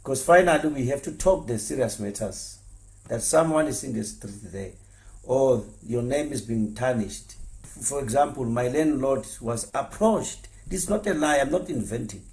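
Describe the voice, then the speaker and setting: Earnest man, gravelly voice. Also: mid-range voice, expressive, moderate pace, darkish tone. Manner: earnest, repetitive, stammers on words when heated. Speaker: former pastor. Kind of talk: impassioned spoken address.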